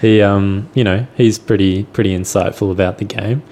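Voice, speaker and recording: A man's voice: fairly low pitch, fairly even intonation, moderate pace, dark tone, slight background noise. A man co-hosting a podcast, easygoing and agreeable in casual chat. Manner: easygoing, agreeable, laughs often. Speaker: podcast co-host.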